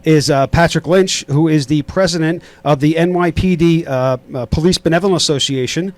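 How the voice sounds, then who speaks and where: This podcast host is a middle-aged man from Queens with a New York accent, conducting a casual interview. His voice is fairly high and a little fast, recorded with no room sound. He rambles, using lots of fillers and restarting sentences.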